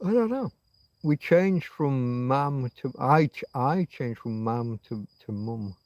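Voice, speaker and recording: Middle-aged Yorkshire man, unhurried meandering livestream host, dry close sound. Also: medium pitch, animated, darkish tone, no room sound, dull audio. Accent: Yorkshire English. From Yorkshire, England. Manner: musing, meandering, drifts between thoughts. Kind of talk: rambling casual livestream chat.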